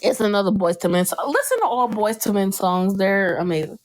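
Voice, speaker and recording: A woman's voice: medium pitch, fairly quick. A young adult woman hosting a podcast, chatting casually and acting out scenes from a show with frequent laughter. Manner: animated storytelling, breaks into laughter, acts out scenes. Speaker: podcast host. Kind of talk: casual chat.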